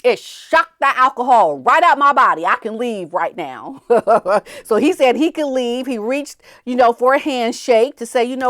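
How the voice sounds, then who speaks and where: A woman hosts a casual commentary show in a somewhat high voice, recorded close and dry. She talks with animated energy and acts out the people she describes. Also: normal speed, dry recording. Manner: animated, laughing, acting out quotes. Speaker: commentary channel host.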